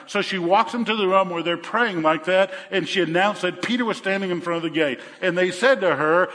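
An older man preaching a sermon, telling a Bible story with animated energy and acting out the voices. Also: high voice, fairly quick, hardly any pauses. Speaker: pastor. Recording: echoey hall.

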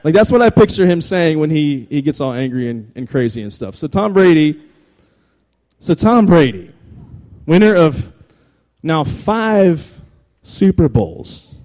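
A lively man speaking to a live audience in a voice that sits a little high. He talks in an animated, playful way, often repeating himself. He cuts in with quick asides to hold the crowd's attention. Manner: energetic, jokey, repeats phrases, calls for attention. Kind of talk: animated, humorous talk to an audience.

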